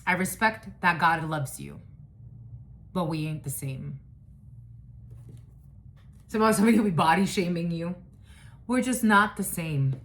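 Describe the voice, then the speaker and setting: A woman with a fairly low, expressive voice gives a casual spiritual reading as a psychic, speaking unhurriedly with frequent pauses. She's blunt and profane, rambling, restarting and laughing often.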